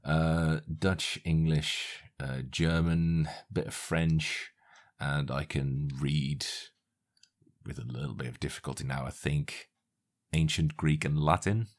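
A man's voice: very deep voice, fairly even intonation, slow pace. A man talking in a casual interview, blunt and playful, swearing freely. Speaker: guest.

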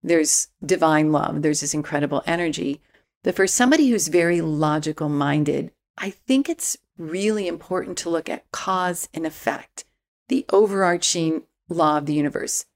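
A woman speaking as a spiritual mentor guest in a relaxed interview, calm and reflective with easy laughs. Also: low-pitched, moderate pace. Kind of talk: casual interview chat.

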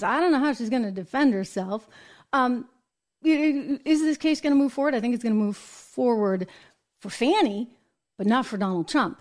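An American woman hosts a live political commentary show, her voice sitting a little high. She talks in an animated, opinionated way and slips into mock voices when she quotes people. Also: moderate pace. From United States. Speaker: host.

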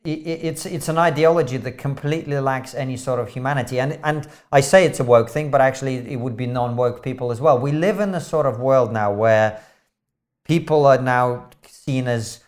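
A man, a podcast guest, talking earnestly in casual chat, halting and restarting his sentences. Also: mid-range voice.

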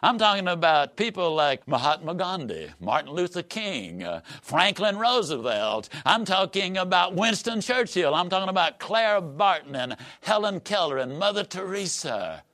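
A man giving a motivational speech in an emphatic, preacher-like way, swinging from loud rises to low, quiet drops. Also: sing-song, normal speed, hardly any pauses. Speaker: motivational speaker.

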